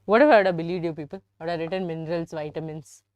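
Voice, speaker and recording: Low-ish and racing, a young woman's voice with an Indian English accent comes through a dry, muffled recording. Teaching a live online biology class, she chats and teases, frequently turning to her students.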